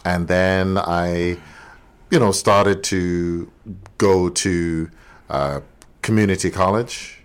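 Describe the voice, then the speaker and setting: A man with a London English accent, a pastor answering interview questions politely and in a measured way. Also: sits low, fairly even intonation, clear, resonant tone. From England. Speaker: pastor, guest. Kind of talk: podcast interview.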